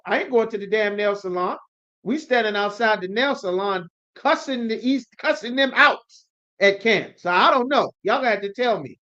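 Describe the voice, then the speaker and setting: An emphatic man preaching to a scripture class, driving his points home with rhetorical questions and a steady "you understand?" The recording is somewhat dull and lo-fi, with a muffled top end. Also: sits high.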